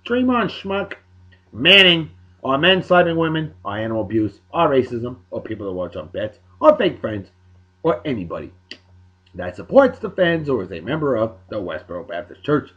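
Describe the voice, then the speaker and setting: Hosting a daily beer and song show, this man runs through historical dates in casual commentary, full of jokey, wisecracking asides and playful emphasis. His medium-pitched voice is very animated and a bit bright, moving at a normal speed, though the audio sounds dull.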